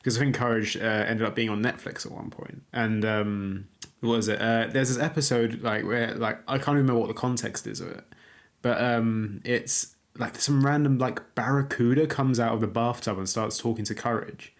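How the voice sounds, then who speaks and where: A man's voice: mid-range voice, steady tone, moderate pace. A young man co-hosting a podcast, rambling in casual chat with many fillers and frequent laughter. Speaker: podcast co-host.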